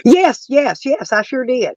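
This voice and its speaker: A woman's voice: sits high, sing-song, measured pace, darkish tone, no room sound, muffled recording. Woman, livestream rant, brash and profane, allergy-worn voice, dry sound. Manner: brash, profane, argues with chat. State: voice lowered and rough from allergies. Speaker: livestream host reading chat.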